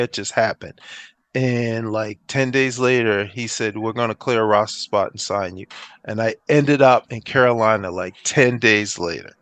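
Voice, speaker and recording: A man's voice: mid-range voice, dry recording. Middle-aged man telling stories, dry sound. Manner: animated storyteller who acts out quoted dialogue. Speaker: interview guest, former pro football player. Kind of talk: casual storytelling interview.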